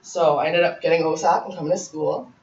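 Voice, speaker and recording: A woman's voice: deep voice, fairly even intonation, brisk, darkish tone, slight background noise. A young woman in her twenties, a guest speaker giving candid personal testimony to a college class, chatty with many "like" fillers and frequent laughs. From Ontario, Canada. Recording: echoey room from far off, slightly dull.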